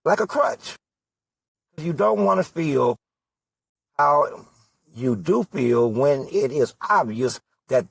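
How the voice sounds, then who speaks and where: A man's voice: medium pitch, creaky, slightly rough, no room sound. A man giving an impassioned political monologue, full of rhetorical questions and emphatic repetition. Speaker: political candidate.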